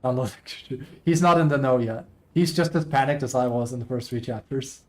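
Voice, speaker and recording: A man streaming live, chatting casually and reading posts aloud, excitable, laughing often and swearing casually. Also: medium pitch, fairly quick.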